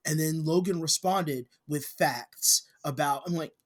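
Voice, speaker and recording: A man's voice: a little high, measured pace. A man co-hosting a podcast, chatting casually and ranting, getting heated and profane. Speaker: podcast co-host. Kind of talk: casual chat.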